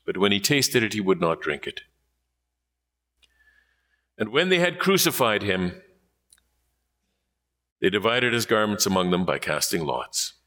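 A man reading scripture aloud in a measured, solemn manner. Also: lowish voice, sing-song, pushed and bright. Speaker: scripture reader.

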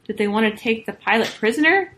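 Woman storyteller reading a children's story aloud, expressive delivery. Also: fairly high pitch, fast, rough recording.

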